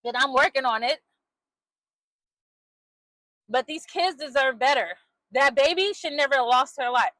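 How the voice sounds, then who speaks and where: A young woman, a mother, speaking bluntly and angrily into her phone, swearing freely, her voice dropping low when she gets upset. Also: animated, unhurried, pauses often, pushed and bright, no echo, rough recording. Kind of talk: emotional vlog monologue.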